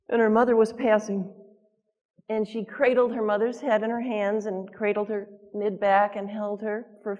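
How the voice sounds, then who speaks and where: A woman with a mid-range voice tells a story earnestly and warmly. Her words carry a long, ringing hall reverb. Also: mid-range voice, muffled recording. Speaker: co-author and speaker. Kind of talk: storytelling talk.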